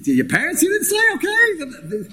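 Sly coaxing young wife, put on by a male teacher, pitched well up, pouting and pestering. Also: wildly swooping pitch, normal speed, bright, forceful tone, full character voice. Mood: wheedling. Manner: wheedling, pouting questions.

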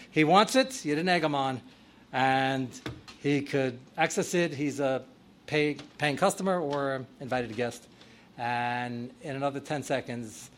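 A man, a rabbi teaching a Torah class, sprinkling in Hebrew and Yiddish terms and growing loud and animated when he acts out his examples. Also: medium pitch, slight background noise.

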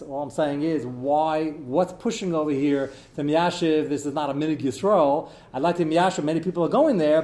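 A rabbi with a slightly high, warm voice gives an informal talk to his congregation, telling anecdotes conversationally and taking audience questions. The recording has a roomy echo.

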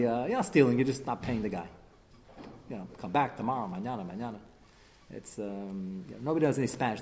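A man teaching a lively religious class, telling anecdotes with animated, exasperated emphasis. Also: medium pitch, a little hiss or hum. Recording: long hall reverb.

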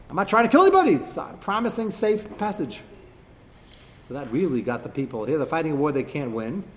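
A man's voice: mid-range voice, big-room sound, a little hiss or hum. A man teaching a text-study class, acting out quoted speakers with sarcastic asides. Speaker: Torah teacher.

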